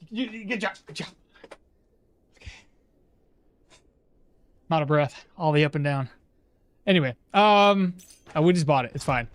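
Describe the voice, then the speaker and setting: A game streamer chatting casually with viewers while playing, animated and talkative, breaking off to coo at a pet at home. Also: medium pitch, dry recording. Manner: animated, chatty, talks to chat and coos at a pet.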